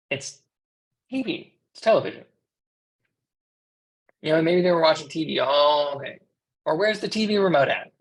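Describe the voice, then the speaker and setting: Conversational American voice interpreting a class. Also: mid-range voice. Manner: conversational teaching, rhetorical questions to the class. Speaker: sign language interpreter voicing an ASL instructor.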